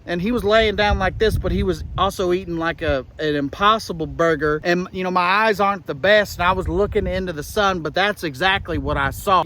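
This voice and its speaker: A man giving a rambling, deadpan comic monologue as a rally eyewitness, outdoors with traffic passing. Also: high voice, fairly quick, rough recording. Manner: rambling, deadpan, breaks into shouted slogans and gun-sound noises. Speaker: comedian playing a rally eyewitness. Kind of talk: deadpan satirical character monologue.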